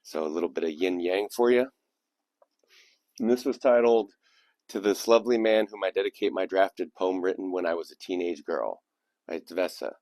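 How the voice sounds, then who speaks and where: A man's voice: sits low, normal speed, a little mellow, dry recording. A man hosting his channel, reading submitted poems aloud and adding reflective, digressive commentary between them. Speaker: channel host. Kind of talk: casual commentary and poetry reading.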